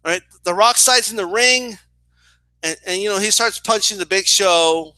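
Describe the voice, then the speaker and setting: High lively guy, sharp bright voice, dry close sound, telling a story loud and animated. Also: normal speed, no echo. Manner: animated, swears often, keeps asking "right?", acts out quotes in shouts. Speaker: boxing and wrestling commentator. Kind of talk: casual storytelling monologue.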